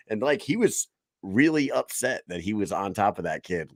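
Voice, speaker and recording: A man's voice: on the low side, sing-song, normal speed, no echo, clean studio sound. Laid-back man swearing through a story. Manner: loose, profane storytelling with acted-out quotes. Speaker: podcast host. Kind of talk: casual interview chat.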